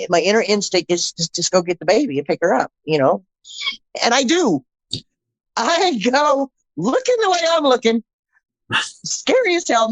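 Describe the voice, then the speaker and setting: A middle-aged woman with a notably low voice gives her personal testimony as a podcast guest. She tells it bluntly and with energy, restarting phrases and acting out the voices of the people involved. The sound is dry and a little muffled. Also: no echo. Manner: blunt, animated storytelling with frequent restarts and quoted dialogue. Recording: slightly dull, dry audio.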